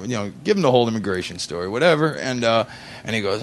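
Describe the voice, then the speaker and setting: A man's voice: fairly low pitch, quick pace, fairly bright tone, a little hiss or hum. A man in his forties telling a story in casual chat, rambling with fillers and restarts. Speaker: podcast guest.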